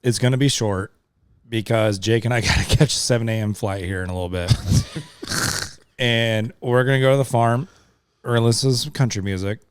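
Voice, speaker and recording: A man's voice: medium pitch, normal speed, smooth, dry recording. A man co-hosting a casual podcast, loose and joking, with swearing. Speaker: podcast co-host. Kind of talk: casual drunk podcast banter.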